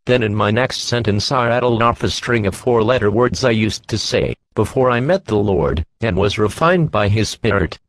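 A man giving a measured, steady scripted reading of a Christian parenting book as an audiobook narrator. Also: lowish voice.

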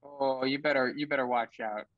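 A man in a tabletop game rambles and hedges, with a mid-pitched voice. The sound is dull and lo-fi, very dry. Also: steady tone, normal speed, no echo. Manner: rambling, hedging, with many fillers. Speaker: player. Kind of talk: casual tabletop game play.

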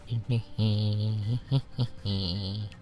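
A young man with a fairly low voice talks over his own gameplay in a loose, rambling way. He swears often and gets riled quickly. Soft game music plays underneath. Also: steady tone. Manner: profane, rambling and easily riled. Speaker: let's play gamer. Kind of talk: casual gameplay commentary.

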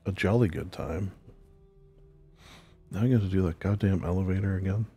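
A man's voice: low voice, normal speed, vocal fry, warm tone, husky, faint music behind. A man giving casual, joking gameplay commentary, rambling and talking back to the game characters. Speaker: game streamer.

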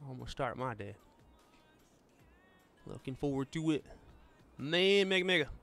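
Male gaming streamer, easygoing and chatty, with a bright, forward tone. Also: mid-range voice, animated, normal speed, faint music behind. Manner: chatty, friendly, calls viewers "man" and "buddy". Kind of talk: casual gameplay chat.

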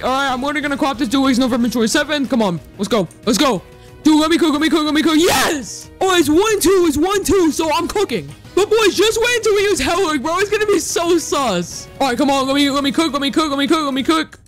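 A man's voice: extremely high pitch, a bit bright. A man giving hyped gameplay commentary as a gaming YouTuber, teasing and trash-talking the players he faces.

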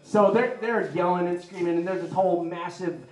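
Male stand-up comic, rambling excitable delivery, bright high voice, roomy live recording. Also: a little fast. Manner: rambling, excitable, heavy use of "like". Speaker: stand-up comedian. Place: live comedy venue with an audience. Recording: roomy echoey live room.

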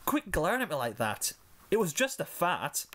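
Guy doing a smug bratty pony kid, teasing, bit higher than his own voice. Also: huge pitch swings, normal speed, fairly bright tone, exaggerated voice. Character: tomboyish young pegasus filly, mischievous. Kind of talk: fanfiction reading.

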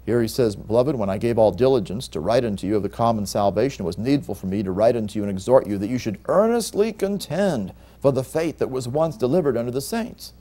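A man's voice: mid-range voice, fast talker, few pauses, warm tone. A male pastor giving a Bible teaching sermon, reading scripture aloud and pressing key words with emphatic rises.

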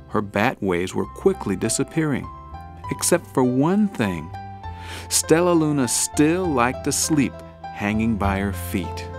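A man reads a children's picture book aloud at an unhurried pace. His voice swings widely up and down to act out the story. Soft music plays beneath him the whole time. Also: medium pitch. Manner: expressive, gently dramatic. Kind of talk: storybook narration. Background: background music.

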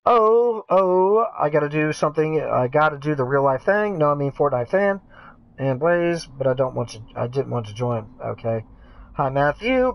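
A man's voice: a little high, lively intonation, normal speed, vocal fry, low-quality recording. A man streaming a game live, chatting casually, greeting viewers by name and reading their messages aloud.

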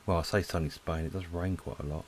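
A man rambling casually to viewers as he draws, relaxed and a little breathless. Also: sits low, quick pace, a little hiss or hum. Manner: relaxed, rambling, talks to viewers while drawing. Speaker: art channel host. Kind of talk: casual chat while drawing. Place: lives in Spain.

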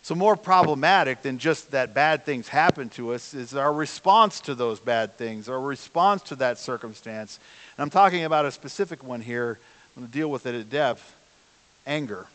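A man's voice: a little high, a bit bright, in a large hall. A man preaching a sermon as pastor, in a conversational way, often putting questions to the congregation. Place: church sanctuary.

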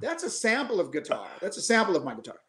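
A man in his fifties, a guest musician, telling animated anecdotes casually over a video call, with frequent restarts. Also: high voice, quick pace, a crowd in the background. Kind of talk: casual storytelling. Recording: echoey room.

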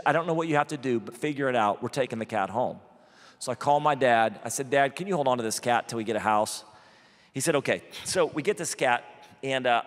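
Man preaching with comic storytelling, hall reverb. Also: medium pitch. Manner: animated, self-deprecating storyteller with quick asides. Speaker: pastor. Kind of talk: sermon storytelling. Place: church auditorium. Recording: large hall with long reverb.

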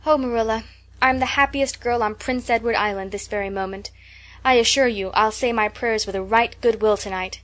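A woman's voice: a little high, normal speed, fairly bright tone, lightly acted. A woman voicing an eager, dreamy orphan girl who chatters with gushing enthusiasm, in a storybook reading.

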